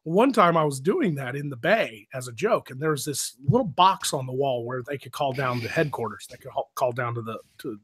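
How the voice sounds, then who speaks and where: A man's voice: mid-range voice, lively intonation, a little fast, hardly any pauses, a bit bright, a little hiss or hum. A man hosting a live stream, telling stories in a casual, rambling way with lots of swearing. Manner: profane, rambling, laughs often. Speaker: stream host. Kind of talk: casual storytelling chat.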